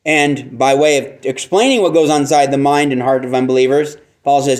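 A man's voice: medium pitch, brisk, hardly any pauses, darkish tone, a little hiss or hum. A man preaching an expository sermon, earnest and emphatic, teaching verse by verse with rhetorical questions. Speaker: pastor.

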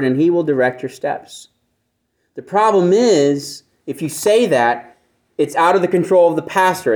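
A man's voice: a little high, a little mellow. A man preaching a conversational sermon who keeps asking his listeners rhetorical questions and repeats phrases for emphasis. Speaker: pastor.

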